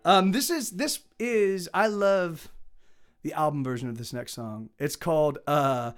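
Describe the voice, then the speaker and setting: A man's voice: on the high side, a little slow, clean tone, soft background music. A middle-aged male musician streaming live, chatting casually between songs and rambling with many restarts. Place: home streaming setup.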